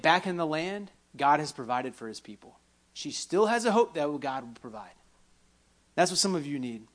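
A man preaching a sermon in a church, animated, rising loud on key points and dropping soft when quoting. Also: fairly high pitch. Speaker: pastor.

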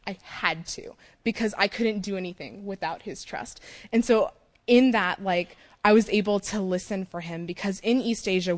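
A young woman giving a personal faith testimony, talking quickly and excitedly, laughing often, with many "like" and "um" fillers. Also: medium pitch. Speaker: short-term mission trip speaker.

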